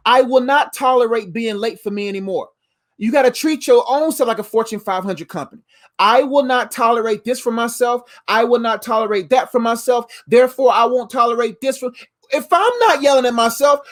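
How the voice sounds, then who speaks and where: A man giving a motivational faith talk as a life coach, animated and playful, full of slangy asides. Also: very high voice.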